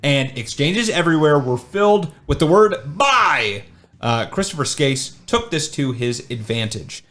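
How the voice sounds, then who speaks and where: Lively teasing young man host. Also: a little high, unhurried. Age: young adult. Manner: teasing, rambling, lively storytelling. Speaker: podcast host. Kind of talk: casual chat, telling a true crime story.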